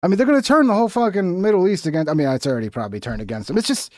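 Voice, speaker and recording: A man's voice: sits high, racing, no room sound, studio quality. A young man streaming, ranting about the news in a heated, profane, rambling way. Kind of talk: casual political commentary.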